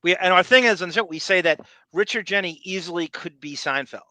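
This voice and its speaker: Podcast co-host, male, bright and crisp, dry close sound, rambling casual chat. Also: sits high, fairly quick, no room sound, rough recording. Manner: rambling, quotes listener comments aloud.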